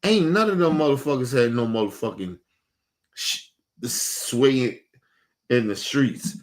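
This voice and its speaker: A man's voice: medium pitch, lively intonation, takes it slowly, long pauses. A man, hosting and ranting in a heated, profane, repetitive way, casual monologue. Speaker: show host.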